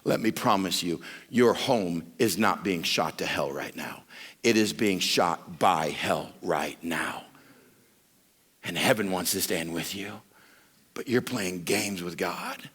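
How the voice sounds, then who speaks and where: A man preaching a sermon to a men's retreat, telling stories with lively acted-out voices. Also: low voice, unhurried, husky. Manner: animated storytelling preacher, acts out voices. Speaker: pastor.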